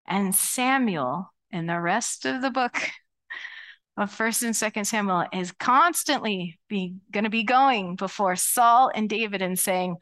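Speaking at an unhurried pace in a mid-range voice, a middle-aged pastor delivers a sermon in her church sanctuary. She keeps it lively and conversational, performing the quoted voices as she goes.

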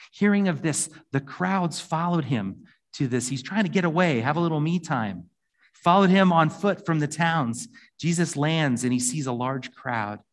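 Man preaching a sermon, conversational. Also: mid-range voice. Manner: reads scripture passages aloud, then explains them conversationally. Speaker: pastor.

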